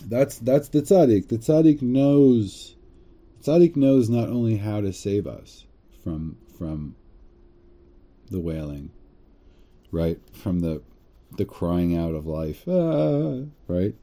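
A man teaching a religious text casually, translating phrase by phrase with halting restarts. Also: on the low side, animated, dark tone.

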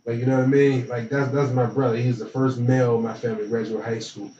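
A young man telling stories in casual conversation, animated and acting out the voices of people in his anecdotes. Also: medium pitch, fast talker, far from the mic. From from a small town. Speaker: interview guest. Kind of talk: casual storytelling. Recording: roomy, dull and slightly noisy.

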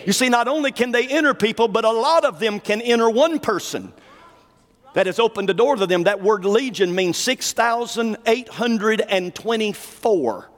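A male preacher delivering a fervent sermon, dropping to low asides and rising to shouted declarations. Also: moderate pace, long reverb tail.

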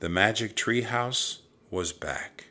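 A man with a low, bright voice reads a children's storybook aloud. His delivery is slow and measured, and his pitch swings widely from line to line. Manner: expressive, measured reading. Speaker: narrator. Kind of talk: storybook reading.

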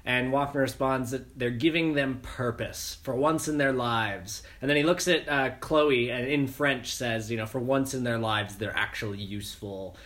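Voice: mid-range voice, moderate pace, hardly any pauses, a bit bright. A podcast co-host in casual chat, animatedly retelling film scenes and laughing often.

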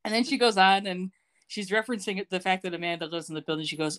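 Animated, sarcastic woman recapping a show. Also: medium pitch, quick pace. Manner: animated, sarcastic, laughs often. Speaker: podcast co-host. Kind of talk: casual recap chat.

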